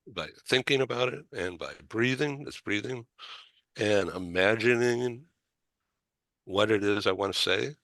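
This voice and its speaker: An older man hosting a talk show, telling a personal story in a halting way, with stumbles, fillers and small laughs. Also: on the low side, bright, forceful tone, dry recording. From Boston area.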